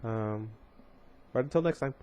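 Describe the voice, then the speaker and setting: A man's voice: mid-range voice, unhurried, mellow, smooth. A man reading a novel aloud as a vlogger, chatty, often stumbling over words and correcting himself. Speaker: audiobook reader and vlogger.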